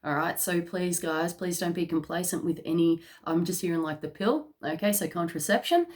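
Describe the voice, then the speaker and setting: A woman with a lowish voice talks through a psychic card reading in a loose, conversational way. She keeps checking in with her listeners and fills her pauses with little fillers as she goes. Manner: chatty, peppered with "okay?" check-ins and fillers. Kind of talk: casual channelled reading to camera.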